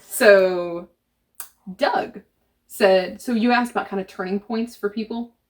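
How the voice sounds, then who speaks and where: A woman co-hosting a casual comics chat with her husband, chatty and quick to laugh. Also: medium pitch. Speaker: co-host.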